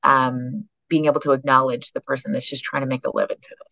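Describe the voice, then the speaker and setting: Low-voiced Canadian woman telling stories. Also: fast, vocal fry, no room sound. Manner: animated storyteller who acts out quoted voices. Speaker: psychologist and author, podcast guest. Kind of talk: storytelling in a conversation.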